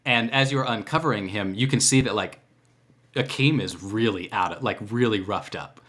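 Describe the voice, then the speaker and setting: A man narrating as game master in a casual, halting way, full of filler words. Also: on the low side, fairly bright tone.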